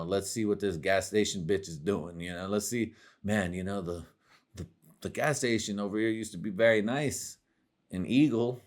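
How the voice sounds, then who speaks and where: Profane, rambling man with a low voice. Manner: profane, rambling, laughs at his own jokes. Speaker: comedy podcast host. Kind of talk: crude comedic monologue.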